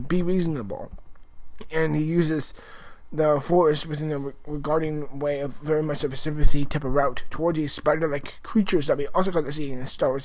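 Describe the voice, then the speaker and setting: A man giving a casual spoken review of a TV episode, rambling and excitable, with lots of fillers and restarts. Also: on the high side, low-quality recording.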